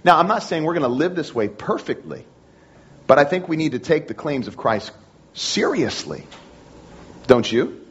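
A man's voice: fairly high pitch, sing-song, moderate pace, pauses often, highs cut off, a little hiss or hum. A man preaching a sermon in an earnest manner, repeating phrases and restarting often. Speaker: pastor.

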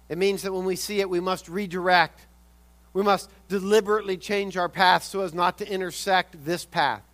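A man preaching a sermon, swinging from loud urgent emphasis to quiet intensity and often repeating words. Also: high voice. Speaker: pastor.

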